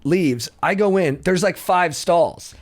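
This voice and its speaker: Man telling a story with animated delivery. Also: high voice, slow pace. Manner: animated, acts out quotes, laughs through his stories. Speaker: comedian guest. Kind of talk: casual podcast storytelling.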